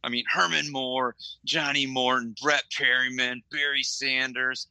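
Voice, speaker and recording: A man's voice: mid-range voice, little pitch movement, a little slow, pushed and bright, no room sound, poor audio. A middle-aged man from Michigan, a podcast co-host, telling a rambling story in casual chat with lots of fillers.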